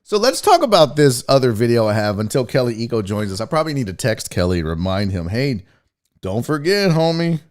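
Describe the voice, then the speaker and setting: A man's voice: lowish voice, sing-song, quick pace, hardly any pauses, a little mellow. A man hosting a casual sports talk show, rambling and joking with frequent profanity. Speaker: host.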